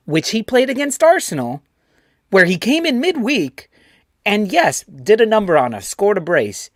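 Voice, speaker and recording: Animated New York man hosting a fan show. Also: high-pitched, no room sound, studio quality. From United States. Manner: animated, swears freely, puts on voices when quoting. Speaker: host. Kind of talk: casual fan show chat.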